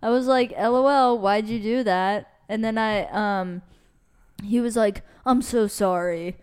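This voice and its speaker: A woman's voice: a little high, measured pace, darkish tone, clean tone. A young woman co-hosting a podcast, chatting casually, telling stories with lots of fillers and swearing. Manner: chatty storyteller, swears, many likes and fillers. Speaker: podcast co-host. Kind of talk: casual chat.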